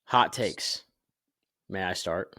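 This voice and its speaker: A man's voice: deep voice, slow, bright, forceful tone, no echo, clean studio sound. A young man co-hosting a casual sports podcast over a video call, rambling with fillers and restarts. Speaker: podcast co-host.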